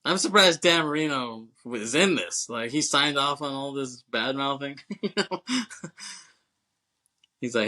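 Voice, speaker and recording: A man's voice: mid-range voice, measured pace, pauses often, pushed and bright, low-quality recording. A male podcast co-host recapping a movie in loose, casual chat, full of fillers, swearing and chuckles.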